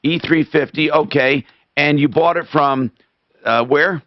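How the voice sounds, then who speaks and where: A man hosting a call-in radio show, animated and quick to interrupt with questions. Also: fairly high pitch, dry recording. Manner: animated, interrupting, exclaims in disbelief. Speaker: radio talk show host. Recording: dull lo-fi radio stream.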